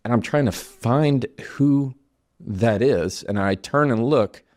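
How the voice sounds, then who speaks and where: A man giving a motivational talk, coaching the listener directly and telling a story with animated delivery. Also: medium pitch, takes it slowly. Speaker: attorney giving life advice.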